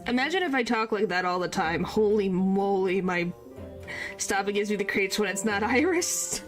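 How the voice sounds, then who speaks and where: A woman's voice: medium pitch, lively intonation, measured pace, pauses often, faint music behind. A woman streamer chatting casually and giggling while she reads game dialogue aloud into a streaming microphone. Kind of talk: casual game commentary with character line reading.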